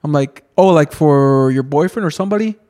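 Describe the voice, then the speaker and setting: A man's voice: fairly high pitch, brisk, warm tone. Rambling young man telling a story. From Texas. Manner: rambling storyteller, many restarts and "dude". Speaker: podcast co-host. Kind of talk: casual chat.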